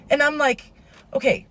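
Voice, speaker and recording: A woman's voice: sits high, fairly bright tone, no room sound. A woman in her thirties telling a rambling, indignant story as a vlogger, swearing and then apologizing for it.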